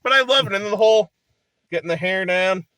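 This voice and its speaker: A man gushes about a film in loose, rambling chat, breaking into laughter and quick impressions of the characters. His voice sits a bit high and sounds bright and forceful. The recording is dry and close. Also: dry recording. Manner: rambling, enthusiastic, laughs often, acts out movie lines. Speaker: movie reviewer. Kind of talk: casual movie review chat.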